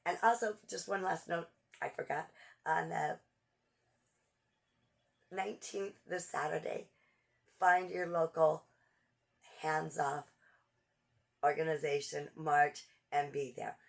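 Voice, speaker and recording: A woman's voice: low-pitched, fairly even intonation, slow pace, gravelly, pauses often. A woman giving a frustrated, urgent political monologue, repeating phrases as she pleads and rails. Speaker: political commentator.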